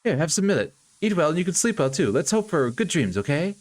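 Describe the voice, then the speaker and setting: A man voicing a caring, devoted young woman in a visual novel read-through, speaking softly and pleadingly. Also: a little high, sing-song, quick pace, pitched above the performer's own voice. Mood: tender. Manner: soft, pleading and tender.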